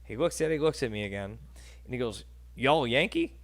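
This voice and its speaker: Animated New York storyteller man. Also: medium pitch, quick pace. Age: 30s. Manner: animated storyteller, acts out quotes, laughs often. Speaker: host. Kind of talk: casual interview chat.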